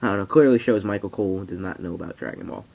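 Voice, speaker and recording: A teenage boy in a casual vlog, rambling excitably and swearing freely. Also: low-pitched, quick pace, creaky, highs cut off. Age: teens. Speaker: vlogger. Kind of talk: casual wrestling reaction vlog. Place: at home on camera.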